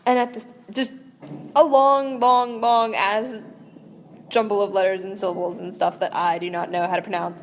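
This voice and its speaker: An amateur audiobook reader, a young woman, reads aloud and rambles between passages with giggly, casual asides. Her mid-range voice has fairly even intonation and a moderate pace. The recording is in an echoey room with long reverb and a little hiss or hum.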